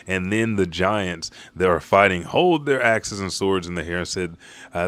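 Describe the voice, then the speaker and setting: A man's voice: low-pitched, moderate pace, a bit bright, clear, resonant tone, no room sound. A man hosting a live stream, casually narrating a comic chapter panel by panel with profanity. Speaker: manga reaction host.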